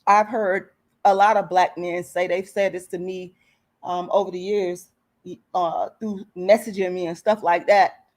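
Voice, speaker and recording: A woman's voice: lowish voice, flat delivery, a little slow. A woman with a slight lisp and a strained throat, giving earnest casual commentary to her livestream viewers. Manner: earnest, repetitive, addresses viewers as y'all. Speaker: commentary vlogger.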